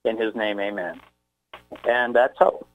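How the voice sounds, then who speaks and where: A man's voice: on the low side, a little slow, phone-quality sound, soft background music. A man reading his own emotional poem aloud as a guest on a radio talk show. Between readings he talks hesitantly and searches for words. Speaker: poet guest. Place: Texas, by phone into a radio show.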